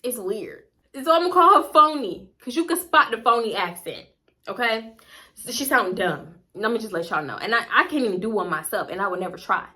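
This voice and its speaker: Brief: young woman vlogger, bright and forceful tone, blunt, profane storytime delivery. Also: on the high side, animated, brisk. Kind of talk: casual storytime.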